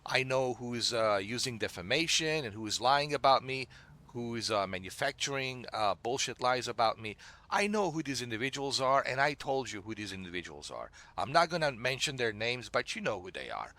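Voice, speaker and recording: A man's voice: medium pitch, big pitch swings, brisk, bright, forceful tone. A man streaming, giving a scolding, repetitive rant at a viewer he keeps calling dude. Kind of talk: ranting monologue to a viewer.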